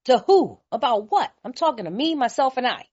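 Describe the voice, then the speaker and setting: A woman from California speaking at a recovery meeting, telling her story in a lively, colloquial way and laughing often. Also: fairly high pitch, fairly quick, breathy edge. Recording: slightly muffled lo-fi recording.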